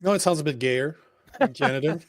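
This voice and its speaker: Stream host, French-native man, emphatic and crude, slightly high pitch, dry mic. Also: fairly quick, no room sound. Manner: profane, blunt and emphatic. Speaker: livestream host. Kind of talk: casual political chat.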